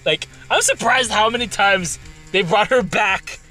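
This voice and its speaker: A man giving casual, chatty gameplay commentary, animated and quick to laugh. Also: high-pitched, faint music behind. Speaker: game video host.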